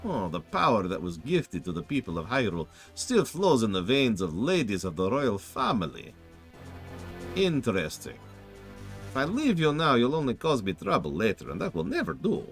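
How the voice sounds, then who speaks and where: A man voicing a haughty, sinister male sorcerer villain in a slow, gloating, theatrical vampire-like voice. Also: medium pitch, wildly swooping pitch, soft background music, voice pushed up. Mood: menacing.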